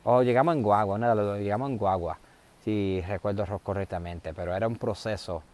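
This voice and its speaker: A man tells a family story in a loose, meandering way, often circling back and restarting his sentences. His voice sits fairly low. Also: fast, darkish tone. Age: adult, a father. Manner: rambling, conversational, many fillers and restarts. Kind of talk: personal tribute story.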